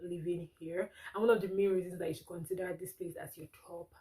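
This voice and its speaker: A woman's voice: on the low side, steady tone, fast talker, mellow, rough recording. A young woman from Nigeria with a Nigerian accent, chatting casually to camera as a vlogger, laughing often as she talks.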